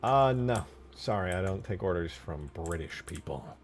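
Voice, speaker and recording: A man's voice: low voice, moderate pace. An American man streaming casually as he works on a game mod, muttering to himself and joking with his chat. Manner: joking, mutters to himself, sudden excited yelps. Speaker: modding streamer. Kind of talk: casual live-stream commentary while working.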